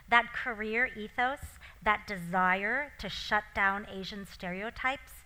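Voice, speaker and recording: A woman's voice: medium pitch, bright, forceful tone, poor audio. A woman, an author and actor, talking casually with many likes and ums, then reading aloud from her own memoir.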